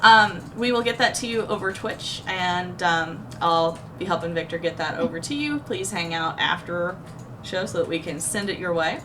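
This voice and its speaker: A woman's voice: lowish voice, expressive, normal speed, noisy background. A woman hosting a gaming news show, chatty and giggly with her guests.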